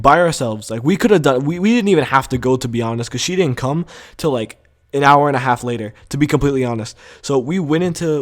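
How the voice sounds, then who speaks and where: A young man tells a school story to his vlog audience in a loose, rambling way. He swears freely and fills his sentences with ums, likes and sos. His voice sits at an ordinary middle pitch for a man. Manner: rambling, profane, animated storytelling with many fillers. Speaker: vlogger.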